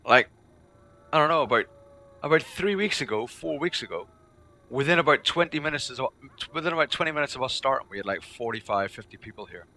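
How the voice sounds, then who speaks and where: Male streamer, gravelly and bright, rambling chat with viewers. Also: medium pitch, expressive, brisk. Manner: rambling, chatty, repeats himself. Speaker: game streamer.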